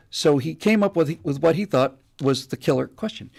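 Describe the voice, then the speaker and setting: A man hosting a live stream, telling an anecdote in a casual, animated way with many restarts. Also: medium pitch, unhurried, creaky, breathy edge. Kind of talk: casual storytelling monologue.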